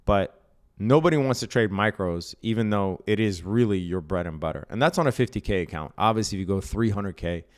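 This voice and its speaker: On a live stream, a man casually explains day trading with a fairly low, animated voice and a fairly quick pace. He reads viewer comments aloud and answers bluntly, swearing at times and often tagging on "right?"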